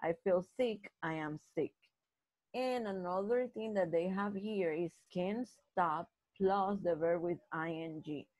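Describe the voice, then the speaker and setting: Woman teaching a slow English grammar lesson. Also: lowish voice, a little mellow, dry recording, lo-fi sound. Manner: slow, repetitive explaining with frequent restarts. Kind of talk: live online grammar lesson.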